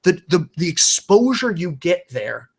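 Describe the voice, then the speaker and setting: A man's voice: high-pitched, big pitch swings, measured pace, gravelly, a little mellow, husky. A man, a podcaster and comedian, talking earnestly and emphatically in a casual video-call conversation, swearing freely and often restarting his sentences.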